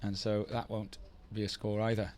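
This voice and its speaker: A man's voice: lowish voice, flat delivery, moderate pace, darkish tone, a little hiss or hum. A man commentating live on a surfing contest, mixing play-by-play calls with chatty, teasing banter.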